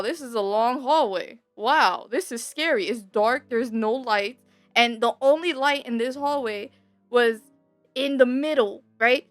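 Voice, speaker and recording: A woman's voice: high-pitched, a bit bright, dry recording. A young woman telling a story in a casual chat, laughing often and acting out the scenes as she retells them. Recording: dry close mic, faint background music.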